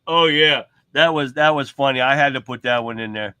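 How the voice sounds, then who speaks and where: A man's voice: mid-range voice, moderate pace, pushed and bright, clean tone, dry recording. A man hosting a livestream, giving casual commentary in a rambling, chatty way. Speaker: livestream host.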